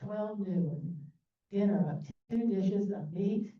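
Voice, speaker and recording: A woman's voice: medium pitch, slow. Chatty woman lecturing in an echoey room. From New Orleans. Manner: chatty, loose, many fillers and asides. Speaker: presenter. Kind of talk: history talk with slides. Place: meeting room. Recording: echoey, distant, phone-like sound.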